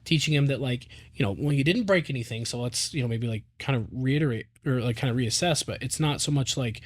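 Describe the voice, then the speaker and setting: A man's voice: medium pitch, fairly quick, few pauses. A man in his thirties, a podcast co-host, talking casually in a rambling way with lots of fillers. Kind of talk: casual chat.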